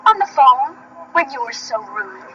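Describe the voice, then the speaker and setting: A prim, indignant soap wife. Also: female voice, high voice, very animated, a little slow, sharp tone, slight background noise, heavily acted. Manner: clipped, prim and accusing. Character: amnesiac woman, haughty and indignant. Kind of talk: daytime soap acting. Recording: dull TV soundtrack with faint music.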